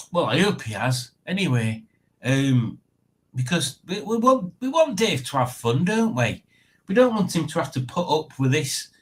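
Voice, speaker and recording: A man with a bright voice pitched on the high side hosts a relaxed livestream. He rambles to his viewers in easy conversation, with plenty of self-deprecating humor.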